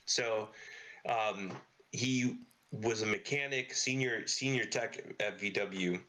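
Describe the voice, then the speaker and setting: Middle-aged man telling rough, swearing stories. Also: fairly low pitch, fairly even intonation, measured pace, pushed and bright. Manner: swears freely, rambling anecdotes with lots of fillers. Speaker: podcast guest, car parts business owner. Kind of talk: casual storytelling interview.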